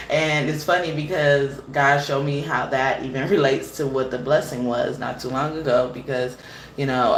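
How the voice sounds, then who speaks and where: A woman with a deep voice hosts a tarot reading show, chatting casually and laughing often as she tells stories. The recording has a roomy echo and slight background noise.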